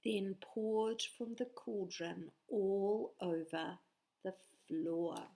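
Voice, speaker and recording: A woman's voice: mid-range voice, slow pace, gravelly, a little mellow. A woman reading a picture book aloud to children, playful and inviting them to join in. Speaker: storyteller.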